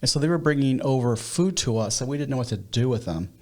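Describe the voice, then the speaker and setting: A man with a Midwestern American accent talks through his story as a guest on a podcast. He is a pastor, and his voice sits at a middle pitch. He talks in an unhurried way and often restarts his sentences. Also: lively intonation. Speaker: nonprofit leader and pastor. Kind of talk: interview conversation.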